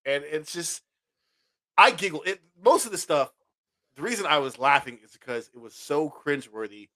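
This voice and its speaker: A man's voice: fairly high pitch, normal speed, bright, forceful tone, dry recording. A man in his late thirties co-hosting a casual podcast, laid-back and giggly, often restarting his sentences. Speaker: podcast co-host.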